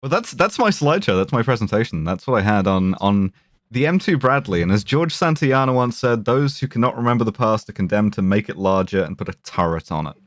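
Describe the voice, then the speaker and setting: A man co-hosting a podcast, presenting his material in a dry, deadpan way. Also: fairly low pitch, fairly quick, no echo. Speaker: podcast co-host presenting slides. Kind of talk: casual chat and presentation.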